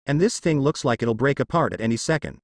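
A man voicing a bold, bossy teenage girl ninja who runs a weapon shop, raised higher than his own voice and teasing. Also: animated, fast, vocal fry, no room sound, clean studio sound.

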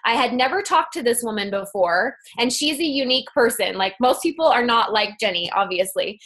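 This woman's voice is on the high side and fairly bright, with lively intonation and a slightly fast pace. Guesting on a sales team call heard through a phone or conference line, she gives eager, chatty motivational coaching packed with fillers and restarts.

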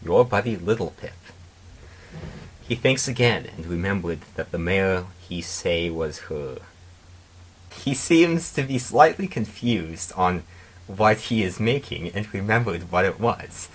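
A man narrating a comedic dramatic reading of fan fiction in a deadpan way, with mocking asides. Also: low-pitched, unhurried, husky.

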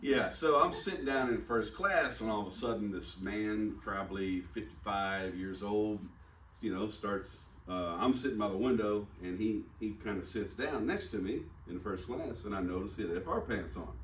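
A man's voice: lowish voice, normal speed, slight background noise. A man preaching a sermon, telling a personal story in a conversational, self-deprecating way and acting out the dialogue. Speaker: pastor. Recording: echoey room, mic at a distance.

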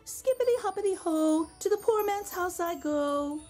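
A woman's voice: very high-pitched, slow pace, darkish tone, soft background music, voice pushed up. A woman voicing a cheeky magic wok that chants a sing-song rhyme.

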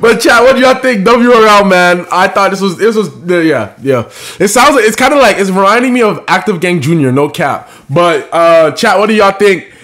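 Excitable young American man, high voice. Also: moderate pace. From United States. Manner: excitable, loud outbursts and slangy banter. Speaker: reaction streamer. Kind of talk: casual reaction commentary to chat.

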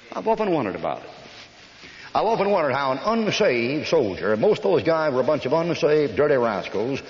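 An older American preacher telling blunt, folksy army stories in a sermon, scolding and emphatic. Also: male voice, mid-range voice. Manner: folksy storytelling with rough army anecdotes. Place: church hall. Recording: echoey hall, dull old recording.

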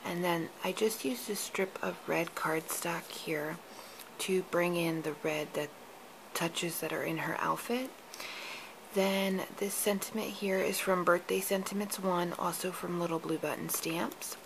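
A woman hosting a card-making tutorial, describing her work in a soft, often half-whispered voice. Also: on the low side, fairly even intonation, unhurried, noisy background. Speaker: papercraft tutorial host.

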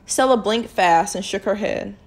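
Brief: woman narrator, calm, even storybook read-aloud, average pitch. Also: normal speed. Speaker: reader of a novel. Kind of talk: chapter-by-chapter read-aloud of a novel.

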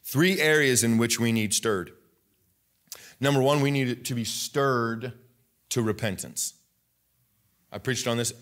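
Young male pastor, sermon delivery, emphatic rising bursts, restarts mid-sentence; mid-pitched. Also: unhurried, pauses often, fairly bright tone. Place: church sanctuary.

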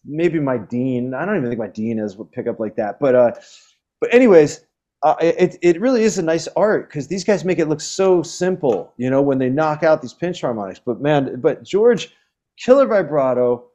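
This is a man with a slightly high voice, chatting as a guest. He rambles with excitement and keeps restarting his sentences, piling on fillers as he goes. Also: normal speed, dull audio. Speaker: guest musician. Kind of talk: casual chat.

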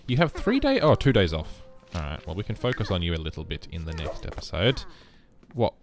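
A man casually commenting on his life-simulation game, rambling and breaking into sudden excited outbursts. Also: sits low, a little fast, faint music behind. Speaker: let's play host.

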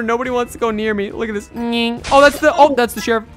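Young male gaming host, casual and teasing, talks straight to viewers, spikes into loud excitement; faint music underneath. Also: very high voice, fast talker. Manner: chatty, talks to viewers as "boys". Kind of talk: gameplay commentary.

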